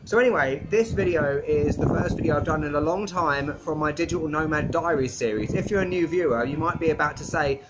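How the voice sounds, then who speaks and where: Young man, from Britain, casual travel vlog, chatty, slightly high voice, outdoor rooftop. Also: a little fast, few pauses. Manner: chatty, excitable, expressive. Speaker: travel vlogger. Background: wind and music.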